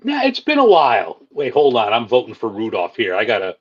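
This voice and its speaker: Guy on a stream sounding kinda muffled, jokey, pitch jumps around. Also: huge pitch swings, fairly quick. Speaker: guest. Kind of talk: casual chat.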